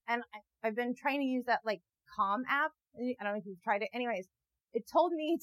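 A young adult woman delivering a rambling, profane comic monologue, sarcastic, with bursts into loud mocking voices. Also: fairly high pitch, poor audio. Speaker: comedian. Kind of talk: stand-up style comic monologue. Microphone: new wireless mic, walking around.

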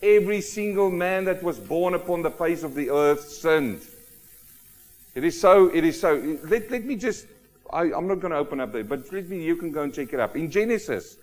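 A man preaching a sermon, emphatic and animated, often asking rhetorical questions of the congregation. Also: on the high side. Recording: long hall reverb.

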